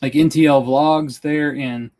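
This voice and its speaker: A man's voice: a little high, steady tone, a little slow, a little mellow. A young man from Western North Carolina chatting casually to viewers on a live stream in his studio, rambling and earnest. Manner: rambling, earnest, self-interrupting. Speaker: woodworking YouTuber on a live stream. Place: indoor studio workspace.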